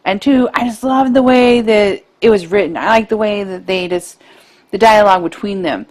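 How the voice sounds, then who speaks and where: A woman in her thirties co-hosting a podcast, chatting casually and gushing with excitement about films she loves. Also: mid-range voice, normal speed. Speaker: podcast co-host. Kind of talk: casual chat.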